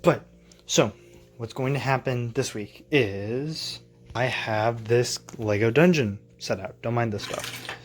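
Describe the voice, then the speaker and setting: A man of ordinary pitch talks casually as a tabletop game master in a home vlog. He rambles and thinks aloud, often correcting himself mid-sentence as he walks through his plans in his basement. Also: takes it slowly, a little hiss or hum.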